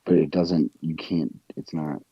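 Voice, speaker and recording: A man's voice: extremely low pitch, steady tone, unhurried, slightly rough, no echo. A man chatting bluntly and sarcastically on a live audio call, over muffled lo-fi audio. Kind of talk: casual chat.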